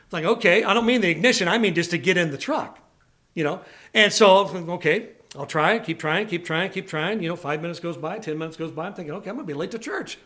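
High-voiced preacher man telling stories. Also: fairly quick. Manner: animated storytelling with congregation call-outs. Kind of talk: sermon with personal stories. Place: church service before a congregation.

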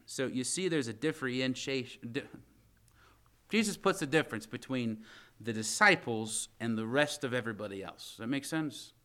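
A man's voice: mid-range voice, moderate pace, a bit bright. A man preaching a conversational sermon to his church congregation, often asking them questions as he reads scripture. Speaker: pastor. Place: church sanctuary.

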